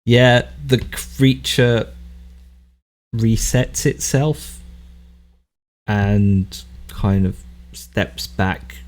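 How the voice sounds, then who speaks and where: A man running a tabletop horror game as keeper, narrating slowly with hesitations. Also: lowish voice. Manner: slow, measured narration with hesitations.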